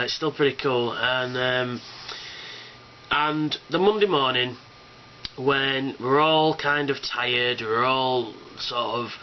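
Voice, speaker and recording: This fan convention vlogger, a man with an everyday pitch, gives an enthusiastic, rambling video response packed with ums and happy swearing. The audio is muffled and low quality, with a soft hiss in the background.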